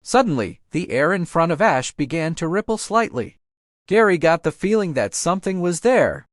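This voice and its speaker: A man's voice: a little high, moderate pace, dry recording, studio quality. Man narrating a fan story audiobook. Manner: steady storybook reading.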